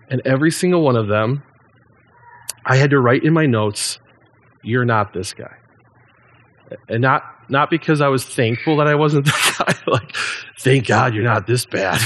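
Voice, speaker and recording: A man in his thirties, a pastor giving a sermon in a relaxed, conversational way with frequent ums and restarts. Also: mid-range voice.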